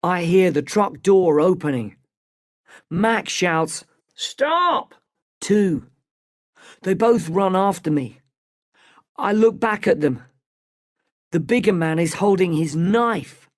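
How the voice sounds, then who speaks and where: A storybook narrator reading at a slow, deliberate pace, each sentence clear and separate. The pitch sits in the middle range with a steady delivery. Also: dry recording, studio quality. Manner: slow, clear, evenly paced.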